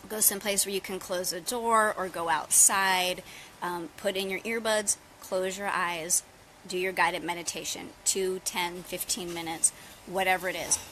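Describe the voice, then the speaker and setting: A woman's voice: on the low side, moderate pace, a little hiss or hum, low-quality recording. Chatty woman yoga teacher outdoors. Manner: chatty, relaxed, addresses viewers as "you guys". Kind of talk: casual live-stream yoga talk. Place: outdoors on holiday.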